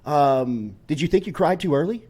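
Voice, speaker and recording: A male show host, a father, asks questions with gushing enthusiasm. His voice is a little higher than most men's. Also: animated, moderate pace, a little mellow. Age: adult with a child. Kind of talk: interview questions.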